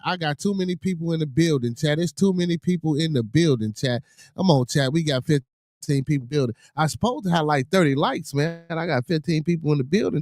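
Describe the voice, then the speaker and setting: Man, livestream host, hyped shout-outs, close dry mic. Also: mid-range voice, fairly quick, no room sound. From Chicago area. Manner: animated, begs chat for super chats and shouts out supporters. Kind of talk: casual livestream chat.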